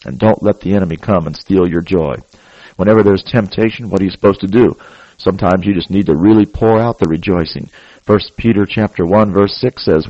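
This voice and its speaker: A man's voice: on the low side, no room sound, dull audio. A man preaching a sermon, urging his listeners in an earnest, exhorting way and often adding "praise God.".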